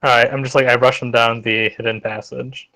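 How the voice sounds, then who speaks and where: A man's voice: medium pitch, little pitch movement, fairly quick, pushed and bright, rough recording. A man playing a tabletop game online who eagerly says what his character does. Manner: eager, declaring actions. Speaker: player.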